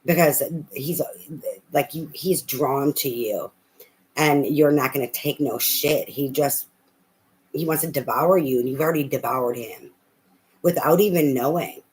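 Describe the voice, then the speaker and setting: A tarot reader giving a casual, blunt and heavily profane love reading in an animated way. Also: mid-range voice, unhurried, rough recording.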